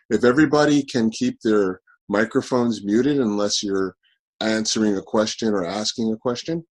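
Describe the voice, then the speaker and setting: A man hosting an online forum over a video call, talking in a halting way full of fillers and restarts. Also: lowish voice, a little mellow.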